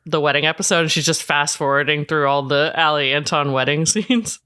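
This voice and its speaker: A podcast co-host giving a wry, deadpan play-by-play recap of a reality show in casual chat. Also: mid-range voice, a little fast, clean tone.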